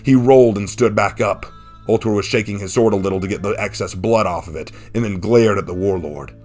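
A man narrating a fan-written action story in a steady, dramatic reading. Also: lowish voice, brisk. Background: faint background music.

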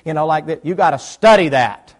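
High-voiced folksy preacher man. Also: animated, a little fast. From United States South. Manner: folksy, preachy, quizzing the crowd. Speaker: pastor. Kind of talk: sermon. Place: church.

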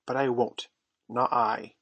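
A man's voice: medium pitch, flat delivery, slow, a bit bright, dry recording. A man voicing a proud, sulky boy who speaks with stubborn defiance.

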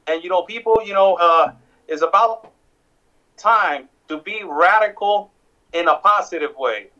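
A man from Mexico, calling in to a talk show, speaking forcefully and defiantly and repeating phrases for emphasis over a phone connection. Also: high voice, unhurried, lo-fi sound. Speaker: guest border reporter. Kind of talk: call-in interview. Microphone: phone or Skype call.

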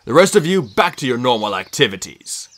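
A narrator voicing an old male centaur teacher in an audiobook, slow, solemn and measured. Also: medium pitch, very animated, lightly acted. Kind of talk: audiobook character voice.

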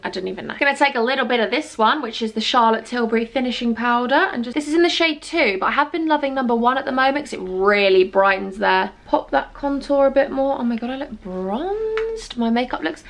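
A woman in her twenties chatting playfully and teasing herself while doing her makeup. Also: on the high side. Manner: chatty, playful and self-mocking. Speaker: beauty vlogger. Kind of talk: casual get-ready-with-me chat.

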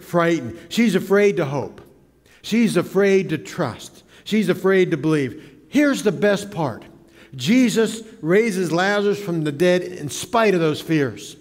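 Male pastor with a slightly high voice, dramatic and animated sermon delivery, recorded in a reverberant church hall. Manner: dramatic, acts out quoted voices. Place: church sanctuary.

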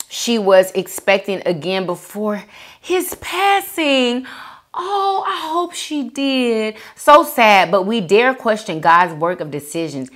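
A woman hosts a casual eating show, reading viewer comments aloud. Her pitch swings widely while she talks at an unhurried pace. She gushes thanks to her viewers between bites. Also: a bit bright. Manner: chatty, reads comments aloud and reacts with gushing thanks.

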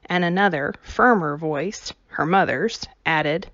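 A woman reading a novel aloud in a measured storytelling way. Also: lowish voice, no echo, dull audio. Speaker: audiobook reader.

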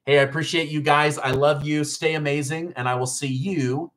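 A man's voice: a little high, steady tone, moderate pace, a bit bright. A man hosting a live news stream, talking casually to his viewers in an incredulous, mocking tone. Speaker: political news livestream host. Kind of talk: casual livestream news commentary.

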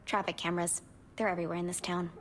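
An actress playing a paranoid young female hacker ally in a video game, with a dry, clipped, deadpan delivery. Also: lowish voice, rapid-fire, slight background noise, lightly acted. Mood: wary. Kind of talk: video game cutscene dialogue.

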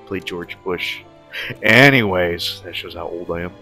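A man giving excited, jokey commentary as he plays a video game, swearing, yelling and chanting through the fights. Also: deep voice, unhurried, faint music behind. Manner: loud, jokey, swears a lot, yells and chants during fights. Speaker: gaming streamer.

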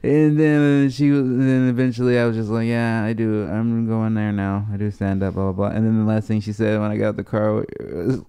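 A man hosting a podcast in casual chat, talking in a relaxed, halting way. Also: on the low side, clear, resonant tone. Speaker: podcast host, comedian.

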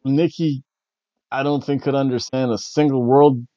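A man's voice: medium pitch, fairly even intonation, normal speed, mellow, dry recording. A man in a mid-range voice recaps wrestling in a loose, rambling way, chuckling as he goes. The recording is dry and close, with a dull, lo-fi sound. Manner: rambling, chuckling, slightly awkward. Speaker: podcast host.

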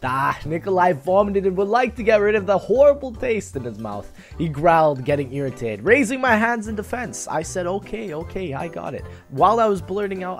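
A man reading fan fiction aloud to his channel, casual and profane, breaking off into reactions. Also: fairly high pitch. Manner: profane, animated asides between read lines.

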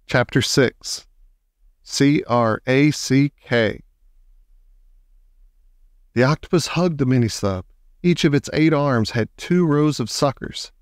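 A man reading a children's book aloud in a slow, expressive storytelling manner. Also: mid-range voice, smooth, no room sound, studio quality. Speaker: audiobook reader.

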